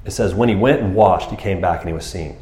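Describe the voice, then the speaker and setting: A man preaching a sermon who tells the story with animated energy, acting out scenes in high, excited voices and laughing along the way. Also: fast talker, roomy sound. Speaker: pastor.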